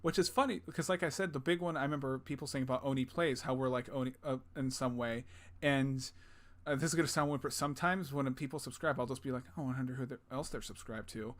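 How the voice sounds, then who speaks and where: A man's voice: medium pitch, fairly even intonation, quick pace. A man co-hosting a gaming podcast in casual chat, rambling with lots of fillers and crude jokes. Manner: rambling, filler-heavy, crude jokey banter. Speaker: podcast co-host.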